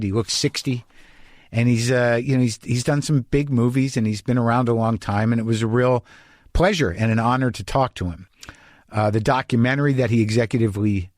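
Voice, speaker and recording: A man's voice: medium pitch, darkish tone, no room sound, studio quality. A man hosting a podcast, talking candidly and reflectively, often restarting his sentences. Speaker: podcast host. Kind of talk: casual conversational monologue and interview.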